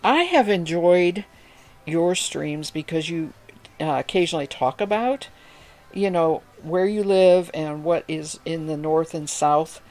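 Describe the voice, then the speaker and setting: A woman's voice: low-pitched, measured pace, a little mellow, soft background music. A woman hosting a spinning livestream, chatting casually and reading viewer messages aloud in a friendly, rambling way. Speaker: livestream host.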